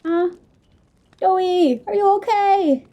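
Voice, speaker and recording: A woman giving casual let's-play commentary, excitable, talking to the game characters and reacting out loud. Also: extremely high pitch, takes it slowly, lo-fi sound. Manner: excitable, talks to the game, squeals and laughs. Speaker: gamer playing on a video channel.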